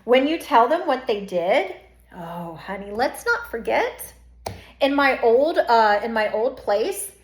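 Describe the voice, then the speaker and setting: Emphatic high-voiced woman in echoey room. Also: very animated, takes it slowly. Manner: emphatic, acts out quoted voices; repeats phrases for emphasis. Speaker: self-esteem coach. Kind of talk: casual direct-to-camera monologue.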